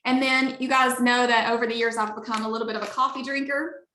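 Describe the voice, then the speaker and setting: Bright, eager Alabama woman selling hard on a video call; higher voice, roomy echo. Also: little pitch movement, fast talker, slight background noise. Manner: upbeat, gushing, chatty. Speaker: network marketing leader. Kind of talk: enthusiastic sales pitch on a video call.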